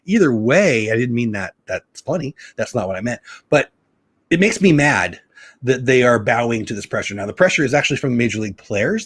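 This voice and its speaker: A man's voice: medium pitch, slightly rough, no room sound. A middle-aged man hosting a casual live stream from home, rambling and opinionated as he chats with viewers. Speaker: livestream host.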